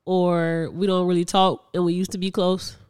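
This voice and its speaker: Young adult, podcast co-host, clear smooth voice, casual chat, laughs often, restarts sentences. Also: medium pitch, level tone, moderate pace, a little mellow.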